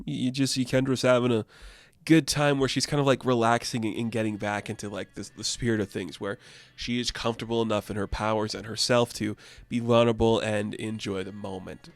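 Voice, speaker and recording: A man giving a loose, joking recap of a comic book, tossing off quick asides. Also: medium pitch, no room sound. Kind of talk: casual comic review.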